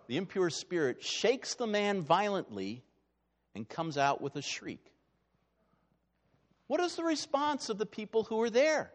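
Male pastor, sermon, high voice, very lively pitch, hushed to loud, long sanctuary reverb. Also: moderate pace. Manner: dramatic, swinging from hushed to loud. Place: church sanctuary.

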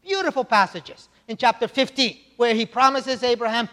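A man's voice: very high voice, normal speed, hardly any pauses, sharp tone. A man preaching a sermon in a church, teaching in a conversational way with frequent asides and checks like "right?". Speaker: pastor. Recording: long hall reverb.

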